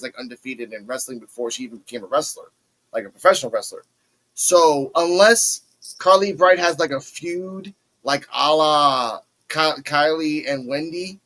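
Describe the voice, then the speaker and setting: A man hosting a casual wrestling review podcast, talking in an animated way and acting out the wrestlers' lines. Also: fairly high pitch, poor audio. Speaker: podcast host.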